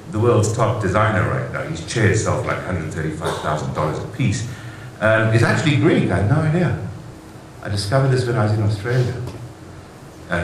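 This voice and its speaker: Enthusiastic man speaking in a very echoey hall. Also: fairly low pitch. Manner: enthusiastic storytelling, rhetorical asides. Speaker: conference speaker. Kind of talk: conference keynote speech. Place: large conference hall. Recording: very echoey hall, faint noise.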